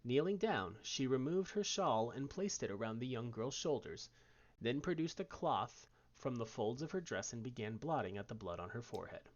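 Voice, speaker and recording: A man streamer reading story text aloud in an expressive way. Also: mid-range voice, moderate pace, dull audio.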